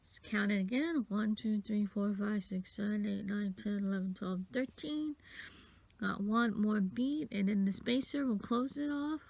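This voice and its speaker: A woman's voice: medium pitch, unhurried, creaky, a little mellow, dry recording. A sniffly woman casually rambling through a bead-bracelet craft tutorial, counting beads aloud as she works. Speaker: craft vlogger.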